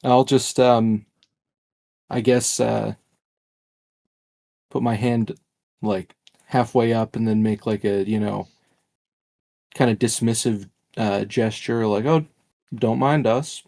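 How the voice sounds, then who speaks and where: A man taking part as a player in a tabletop role-play game, measured and thoughtful. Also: fairly low pitch, little pitch movement, creaky, warm tone.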